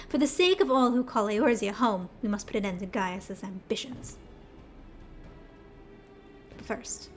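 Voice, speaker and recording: Resolute rebel leader, commanding and steady, fairly high voice; a woman reads him from a game. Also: natural voice. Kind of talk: reading game dialogue aloud.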